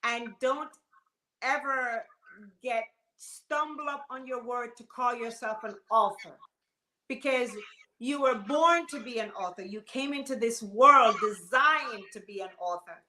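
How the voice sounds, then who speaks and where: Bright-voiced Jamaican woman, animated guest. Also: on the high side, measured pace, roomy sound, a little hiss or hum, rough recording. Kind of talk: casual interview talk.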